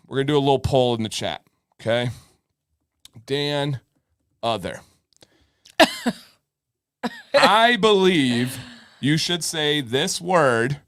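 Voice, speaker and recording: A man's voice: a little high, a bit bright, no room sound, studio quality. Joking live-stream co-host, a man. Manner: joking, playfully argumentative. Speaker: podcast co-host. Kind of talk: casual live-stream chat.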